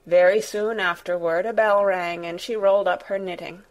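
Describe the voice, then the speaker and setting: A woman's voice: medium pitch, steady tone, moderate pace. Woman reading a classic story aloud. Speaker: audiobook narrator. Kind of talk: scripted narration.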